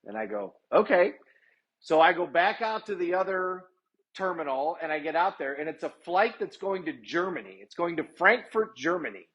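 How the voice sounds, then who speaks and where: Chatty man with a fairly high voice. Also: sing-song, moderate pace, a bit bright, highs cut off. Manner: chatty, acts out the people he quotes, many "I'm like" asides. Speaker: lawyer sharing personal stories. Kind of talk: casual personal storytelling.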